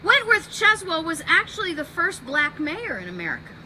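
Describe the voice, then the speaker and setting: A woman podcast host telling a history story in an animated way, acting out the quotes. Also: very high voice, normal speed, slight background noise, poor audio.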